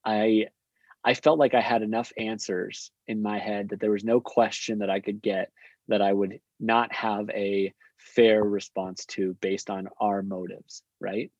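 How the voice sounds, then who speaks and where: A young man, a guest, telling stories casually, quick and chatty with many fillers. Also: lowish voice, little pitch movement, dry recording. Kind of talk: casual storytelling. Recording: dull lo-fi sound.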